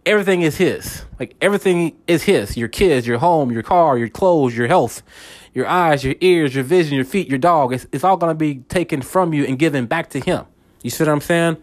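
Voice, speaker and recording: A man's voice: fairly high pitch, normal speed. Man in a rambling faith monologue. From United States. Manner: rambling, repeats words, checks in with listeners. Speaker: podcast host. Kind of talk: casual faith podcast monologue.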